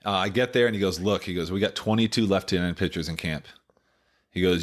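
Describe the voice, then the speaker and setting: A man in his late thirties, a former baseball pitcher, telling his story casually in an interview, full of "like" and "you know.". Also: fairly quick. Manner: rambling, filler-heavy retelling full of "like" and "you know".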